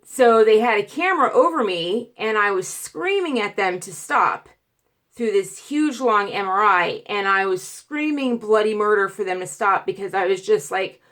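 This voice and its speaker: A woman vlogger telling a story in a casual, animated way, acting out quotes, stuttering and restarting as she goes. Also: medium pitch, moderate pace. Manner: animated, acts out quotes, grows loud and emotional.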